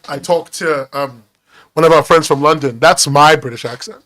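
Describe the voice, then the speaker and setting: A man's voice: a little high, normal speed, bright, forceful tone. A man streaming while he draws, chatting casually in a neutral northeastern American accent, rambling and teasing. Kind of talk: casual chat while drawing.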